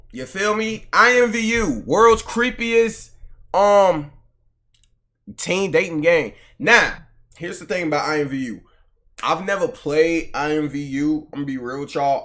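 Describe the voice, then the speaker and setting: A man's voice: fairly high pitch, normal speed, a bit bright. A young man streaming live, bantering with his chat in a slangy, profane, casual way.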